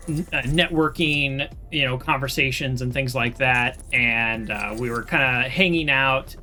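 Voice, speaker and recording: A streamer giving casual, rambling commentary while playing, self-deprecating and quick to laugh. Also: medium pitch, sharp tone. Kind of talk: casual livestream gameplay commentary.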